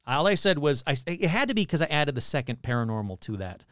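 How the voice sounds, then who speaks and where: Excitable rambling man with lively pitch. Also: fast talker, dry recording, studio quality. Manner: rambling, exclamatory, self-interrupting. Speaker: host. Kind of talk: casual comedic commentary.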